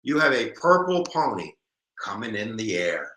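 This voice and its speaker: Animated American history teacher, echoey room. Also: male voice, fairly low pitch, normal speed. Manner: animated, jokey, talks to viewers. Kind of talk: live exam review stream.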